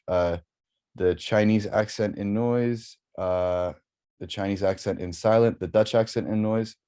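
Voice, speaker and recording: Young college guy presenting his research, lowish voice, lots of ums and restarts. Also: warm tone. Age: young adult. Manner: hesitant, many fillers and restarts, apologetic. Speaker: undergraduate student presenter.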